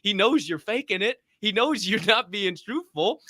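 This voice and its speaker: A man's voice: high voice, expressive, fairly quick, few pauses, bright, forceful tone, no room sound, clean studio sound. A man co-hosting a podcast, giving a fervent motivational faith talk with casual swearing. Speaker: podcast co-host.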